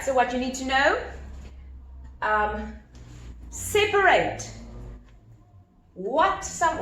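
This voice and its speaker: Lively woman teacher in an echoey room. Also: sits high, a little hiss or hum. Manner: animated, explains step by step with repetition. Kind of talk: recorded grammar lesson at a whiteboard. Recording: echoey room with faint ambience.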